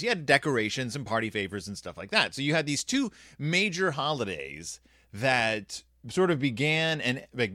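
A man's voice: medium pitch, bright, forceful tone, dry recording, studio quality. A man telling a rambling, wry story in a casual monologue, full of self-deprecating jokes.

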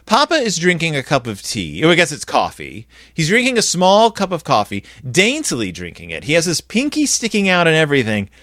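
Guy doing a goofy kids' book review, bouncy and animated, bright voice, dry close sound. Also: on the high side, fairly quick, hardly any pauses, dry recording. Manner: animated, sarcastic, acts out quoted lines in flat voices. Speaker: podcast host reviewing a children's book.

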